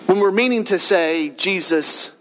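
A man's voice: sits high, fairly quick, fairly bright tone, big-room sound, a little hiss or hum, low-quality recording. A man in his thirties preaching a sermon in a church, in a folksy, conversational storytelling way. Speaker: pastor. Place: church sanctuary.

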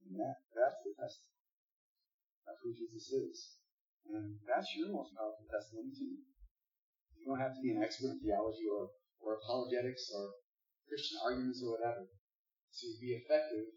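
A man's voice: medium pitch, moderate pace, long pauses, darkish tone. A man preaching a sermon in a conversational, joking way, reading scripture aloud between asides. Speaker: pastor. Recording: distant echoey dull room recording.

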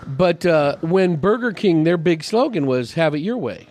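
A man's voice: a little high, lively intonation, moderate pace, darkish tone, no room sound. A man hosting a podcast in a bar, chatting casually and rambling with frequent laughs. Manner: rambling, self-deprecating, laughs often. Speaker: podcast host. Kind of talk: casual chat. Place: bar, indoors.

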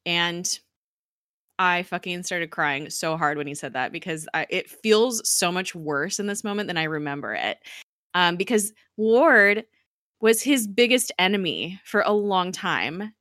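A woman's voice: on the low side, a little slow, a bit bright, dry recording, clean studio sound. A woman in casual chat recapping a TV episode, acting out quoted lines and laughing often.

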